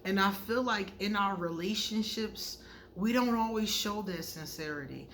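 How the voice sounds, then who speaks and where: A woman's voice: mid-range voice, normal speed. Woman tarot reader for a vlog, chatty and frank, tells stories with energy, mid-range voice, light room noise behind. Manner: animated storyteller who acts out quoted dialogue; frank and conversational, addresses viewers directly. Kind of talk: casual vlog monologue.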